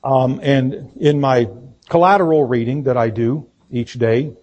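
A man preaching a sermon as pastor, speaking deliberately and emphatically, with fillers and restarts. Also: mid-range voice, darkish tone, highs cut off. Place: church sanctuary.

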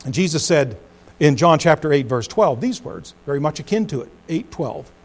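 A middle-aged man preaching a sermon as pastor, swinging between loud emphasis and hushed low phrases. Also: lively intonation, moderate pace.

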